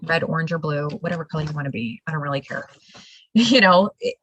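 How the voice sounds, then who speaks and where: A woman hosting a casual interview, telling stories in an animated, emphatic way and laughing now and then. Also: low voice, fast talker, husky, no room sound, muffled recording. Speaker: show host.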